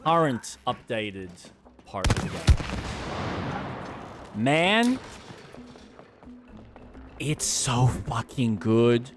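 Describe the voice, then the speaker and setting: A man's voice: medium pitch, very animated, very slow, long pauses. A man streaming a co-op video game, joking and swearing casually as he plays. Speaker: gaming streamer. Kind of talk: casual gameplay commentary. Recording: voice over game music. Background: game music.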